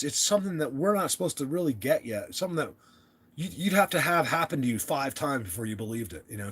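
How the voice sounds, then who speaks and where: A man's voice: on the high side, fairly bright tone, breathy edge. A young American man hosting a casual livestream chat, rambling and restarting his sentences as he talks to viewers. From United States. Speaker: livestream host.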